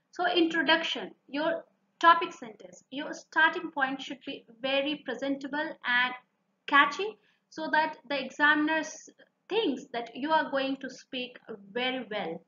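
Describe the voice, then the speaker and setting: A woman's voice: high voice, measured pace, bright, forceful tone, a little hiss or hum. A woman with an Indian English accent teaching exam speaking tips in an earnest way, repeating her advice for emphasis. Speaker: IELTS speaking tutor. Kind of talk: instructional video lesson. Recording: echoey room, slightly dull sound.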